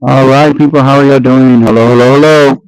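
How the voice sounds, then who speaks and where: A man's voice: medium pitch, steady tone, fairly quick, a little mellow, clean tone, no room sound. A man hosting a live stream, chatting casually and rambling as he talks straight to his viewers. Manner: rambling, addresses viewers directly. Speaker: livestream host. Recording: dull lo-fi dry sound.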